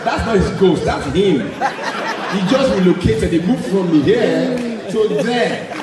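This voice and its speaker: A man from Nigeria with a Nigerian accent, performing a stand-up comedy set and mimicking parents and children in squeaky voices. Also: animated, slow pace, background noise. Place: large theater stage. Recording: echoey live hall from a distance, loud crowd laughter.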